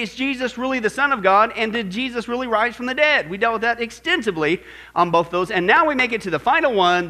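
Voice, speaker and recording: Male bible teacher, high voice, bright sharp tone, lively, questions the audience, middle-aged. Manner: animated, asks the audience questions. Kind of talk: church teaching lesson.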